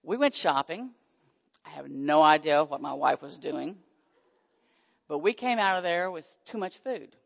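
A woman telling a personal faith testimony in an animated storytelling manner. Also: low voice, a little slow, gravelly, long pauses. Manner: animated storytelling, squealing excited quotes. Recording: dull muffled sound with long hall reverb.

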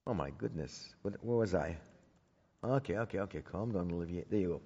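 A man's voice: low voice, expressive, fairly quick, dark tone, husky. Man, preacher, conversational sermon, restarts and repeats words, muffled sound, long hall reverb. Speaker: Bible teacher speaking to a congregation. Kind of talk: sermon told as a personal story.

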